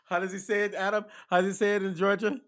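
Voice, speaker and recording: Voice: medium pitch, level tone, fast talker, a bit bright. A young adult co-hosting a podcast in casual chat, giggly and teasing. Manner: giggly, teasing, sing-song. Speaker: podcast co-host.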